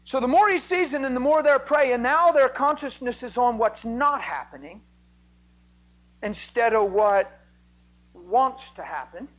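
Man preaching, from shouts to whispers. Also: very high voice, expressive, a little slow, poor audio. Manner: swings from loud, emphatic preaching to hushed whispers. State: emotional. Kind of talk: sermon.

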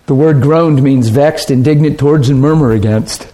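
A man's voice: mid-range voice, normal speed, dark tone. A man preaching a sermon in an earnest, conversational way, asking his listeners rhetorical questions.

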